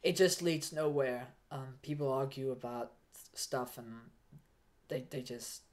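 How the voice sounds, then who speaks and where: A man's voice: mid-range voice, measured pace. A man on a casual livestream, overheated in a fursuit and a bit foggy, who rambles, stammers and restarts his sentences while reading donations.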